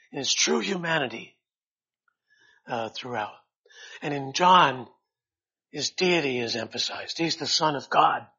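A male preacher with a bright, husky voice delivers a Bible study sermon. His delivery swings from quiet, halting asides to loud, high-pitched quoting of scripture. The recording has a dull, lo-fi sound.

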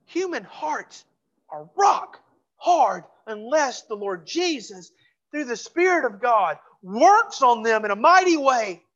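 A pastor preaching a sermon in a church, fervent and repeating phrases for emphasis, dropping to a hush for closing pleas. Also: mid-range voice, very animated, slow, lo-fi sound. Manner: drops to a hushed voice for closing pleas. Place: church sanctuary.

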